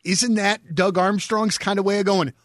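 A man with a notably high voice hosting a sports podcast. He is excitable and gushes with enthusiasm. The sound is close and dry. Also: normal speed, no echo. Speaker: podcast host. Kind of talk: casual sports podcast chat.

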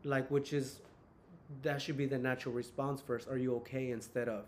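A man's voice: medium pitch, level tone, normal speed, slight background noise. Rambling young man telling stories. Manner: rambling storytelling with many fillers. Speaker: podcast host. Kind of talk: casual chat.

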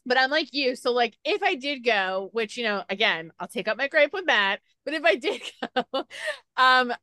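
A woman hosting a podcast in casual chat, talking with lots of fillers and animated retelling. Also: fairly high pitch, normal speed, no room sound, clean studio sound. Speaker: podcast host.

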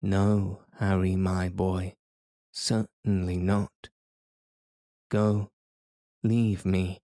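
A stubborn elderly professor who will not turn back, read by a man in his own voice. Low and slow, he insists on pressing on. Dark, mellow and even. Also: dry recording, studio quality, heavily acted. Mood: stern. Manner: insistent, commanding. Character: stubborn elderly male professor, fierce explorer.

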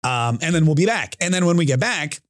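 A man with a slightly high, expressive voice talks a bit fast, with no room sound, as he opens his own podcast with news and opinion. He's also a radio host, and this casual political monologue is chatty and a little rambling, full of restarts and asides.

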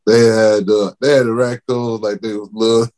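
A man's voice: on the low side, level tone, normal speed, darkish tone. Exasperated co-host, man. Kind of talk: casual chat.

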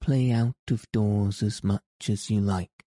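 A man's voice: fairly low pitch, fairly even intonation, takes it slowly, dark tone, no echo. A man voicing a weary, troubled middle-aged guardian in an audiobook, distracted and muttering. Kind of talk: audiobook character reading.

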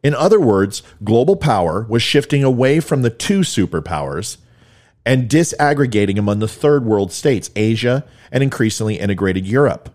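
Male commentary host, middle-aged, heated and mocking, lively pitch. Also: moderate pace. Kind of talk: ranting political commentary.

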